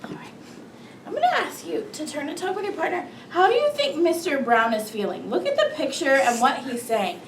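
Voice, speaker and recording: A woman teaching first grade, reading a big book aloud to her class in an expressive, sing-song voice. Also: sits high, fairly quick, gravelly, noisy background. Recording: echoey classroom, mic far off, children around.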